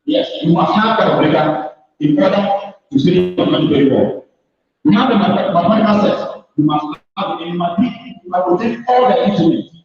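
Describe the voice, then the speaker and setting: A man's voice: high voice, animated, a little fast, a little mellow, soft background music. A man from Ghana, a mathematics teacher, giving an emphatic orientation talk to new students and addressing them directly. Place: large hall. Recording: echoey hall, distant mic, dull sound.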